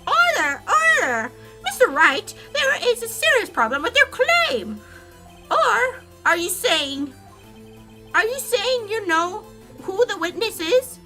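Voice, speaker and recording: A woman voicing a fussy, easily flustered elderly male judge from a courtroom video game, with shrill exclaiming outbursts. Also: big pitch swings, moderate pace, bright, forceful tone, soft background music, full character voice. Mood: excited.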